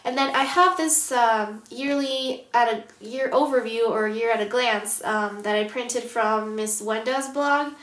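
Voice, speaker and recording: A woman with a somewhat high, nasal voice that sounds stuffed up. She talks casually with plenty of ums, and the room around her has a noticeable echo. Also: unhurried, few pauses, fairly bright tone. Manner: chatty, many ums. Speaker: planner vlogger. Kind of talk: casual show-and-tell vlog.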